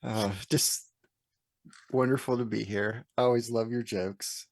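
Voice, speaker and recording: A man co-hosting a podcast, retelling a joke in a halting, laid-back way. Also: mid-range voice, steady tone, darkish tone, no room sound. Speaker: podcast co-host. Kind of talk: casual chat.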